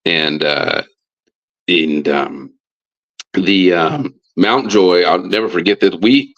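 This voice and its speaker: A man's voice: low voice, slow pace, gravelly, fairly bright tone, highs cut off. A man, a football coach, telling a casual story on a podcast, full of fillers and restarts. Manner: rambling with many fillers and restarts. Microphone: live stream mic.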